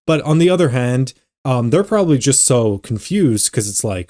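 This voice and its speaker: A young man hosting an anime reaction video, talking casually with animated exclamations and stammered repeats. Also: fairly high pitch, moderate pace.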